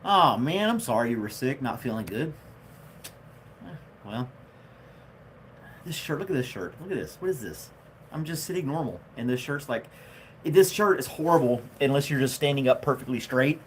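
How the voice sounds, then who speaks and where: A man chats through a casual home livestream, his voice swinging lively up and down as he jokes and laughs at his own gags. He reads out viewer comments in a relaxed, friendly way. A faint hiss of background noise sits under the voice. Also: medium pitch, moderate pace, pauses often. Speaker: livestream host. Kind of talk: casual live chat reading comments.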